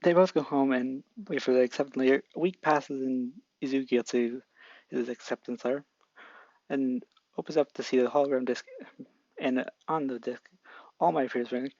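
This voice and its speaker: Gravelly young man improvising a story. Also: medium pitch, fairly even intonation, a little mellow, dry recording. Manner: halting, improvised, many restarts. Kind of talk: improvised fan story narration. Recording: dull lo-fi mic.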